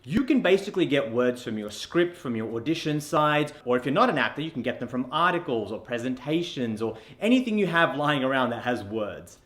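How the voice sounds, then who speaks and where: A man's voice: mid-range voice, lively intonation, a little fast, few pauses, a bit bright. An Australian man teaching an accent lesson, demonstrating sounds through repeated drills. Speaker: accent coach.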